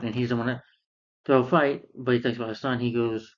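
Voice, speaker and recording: A man's voice: medium pitch, level tone, a little fast. Rambling man with a dull lo-fi sound. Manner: rambling, many fillers and restarts. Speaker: film reviewer. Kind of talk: casual retelling of a film plot.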